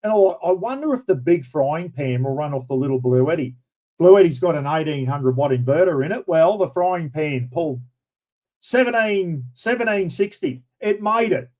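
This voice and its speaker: A middle-aged man with a broad Australian accent, hosting a relaxed, rambling chat. His voice sits a bit on the high side for a man. He keeps dropping in blokey slang as he talks. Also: normal speed, poor audio. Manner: blokey, rambling, says "mate" and "bloody" often. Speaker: livestream host. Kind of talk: casual chat.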